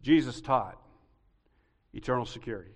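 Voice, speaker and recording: A man preaching a sermon as pastor, teaching patiently and building to loud, emphatic peaks. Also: medium pitch, normal speed, in a large hall. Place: church sanctuary.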